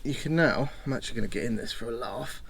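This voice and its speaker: A man's voice: mid-range voice, fast talker, creaky. A man chats away in an everyday mid-range voice while showing off his campervan. He pokes fun at himself and talks as he does each task. There is a faint hiss behind him. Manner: chatty, self-mocking, talks while doing tasks. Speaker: van owner showing his setup. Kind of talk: casual demo chat. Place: inside a parked campervan at home.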